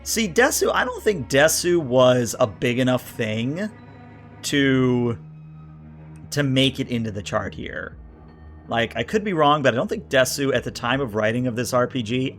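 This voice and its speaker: A man with a medium-pitched, fairly bright voice that swings widely in pitch reviews a tabletop RPG book at a normal pace, with soft music in the background. His casual livestream commentary has him reading entries, riffing on each as he thinks aloud, and answering chat, full of fillers and restarts.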